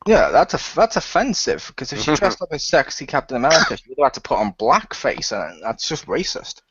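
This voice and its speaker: A man in a casual podcast chat, making teasing, deadpan jabs at the others. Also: medium pitch, a little fast, breathy edge, no room sound, dull audio. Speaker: podcast co-host.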